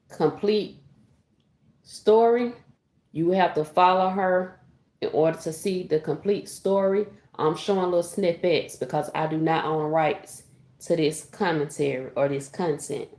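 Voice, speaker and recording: A woman's voice: low voice, darkish tone. A woman hosting a commentary channel, explaining plainly and directly between clips. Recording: roomy echo.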